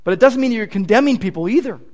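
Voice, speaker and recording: Male pastor, high voice, earnest and emphatic, stressing key points in a sermon. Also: animated, very fast, darkish tone.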